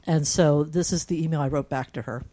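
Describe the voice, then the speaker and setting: A woman's voice: deep voice, steady tone, brisk, mellow. A middle-aged woman candidly telling her own story and reading her emails aloud, with fillers and small laughs. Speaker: cancer patient sharing her story.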